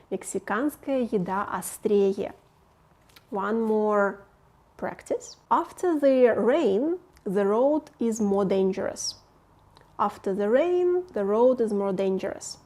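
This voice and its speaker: Slow, patient woman teacher. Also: medium pitch, mellow. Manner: patient, explains slowly, repeats words for practice. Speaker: Russian language teacher. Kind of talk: online language lesson.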